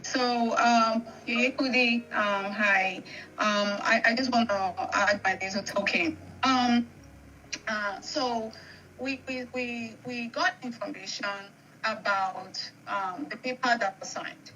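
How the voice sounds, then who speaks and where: A woman's voice: on the high side, steady tone, takes it slowly, sharp tone, a little hiss or hum, poor audio. A woman calling in by phone, hesitant and full of fillers, on an unstable line. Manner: hesitant, many fillers and restarts. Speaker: caller. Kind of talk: phone-in comment.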